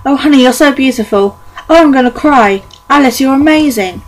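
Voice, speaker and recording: A woman's voice: sits high, brisk, pitched above the performer's own voice, natural voice, poor audio. Young woman doing a gushing mother, squealing, effusive, amateur audiobook. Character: gushing excited middle-aged mother. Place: home bedroom.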